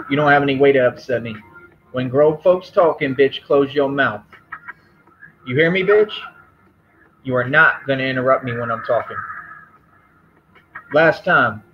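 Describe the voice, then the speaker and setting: A man streamer launches into an angry rant, taunting and swearing at his critics. His voice sits a little high, and the lo-fi stream audio sounds dull, with faint music underneath. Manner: aggressive, taunting and profane.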